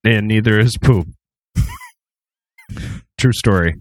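A man's voice: lowish voice, takes it slowly, no room sound. A man hosting a comedy podcast, joking casually with his co-hosts. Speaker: podcast host.

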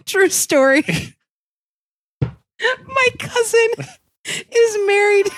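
Co-host, female, high, animated pitch, unhurried, music playing under her voice. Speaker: podcast co-host. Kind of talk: casual chat.

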